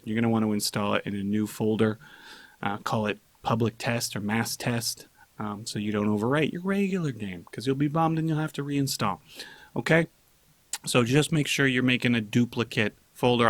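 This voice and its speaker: A man's voice: mid-range voice, a bit bright, no room sound. A man hosting a gaming channel, casually going over patch notes and joking with his viewers. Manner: chatty, joking, reads patch notes aloud. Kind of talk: casual gaming news commentary.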